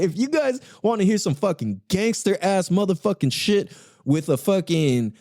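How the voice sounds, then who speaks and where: A man's voice: sits high, expressive, normal speed, a little mellow, no echo, studio quality. A man hosting a podcast on his own, rambling in a casual, profane way, with frequent laughs. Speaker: podcast host. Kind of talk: casual solo podcast monologue.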